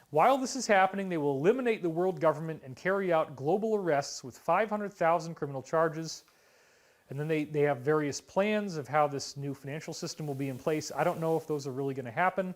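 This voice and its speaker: A middle-aged man in a rambling monologue, emotional, moving between hushed asides and exclamations. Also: on the high side. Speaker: speaker on conspiracy theories.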